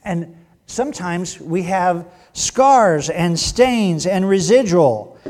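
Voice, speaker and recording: A man preaching a sermon in a church, joking and teasing, then dropping to a hushed voice. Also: high-pitched, expressive, slow, a little hiss or hum. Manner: playful, teasing, swings from loud to hushed. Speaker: pastor. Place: church sanctuary.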